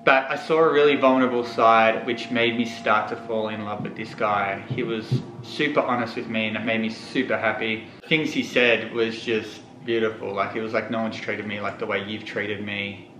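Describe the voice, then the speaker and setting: A man's voice: lowish voice, steady tone, normal speed, hardly any pauses, sharp tone, slight background noise. A young man telling a personal story to the camera, candid and on the verge of tears. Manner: candid, tearful, holding back tears. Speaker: vlogger. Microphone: camera mic. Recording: echoey room.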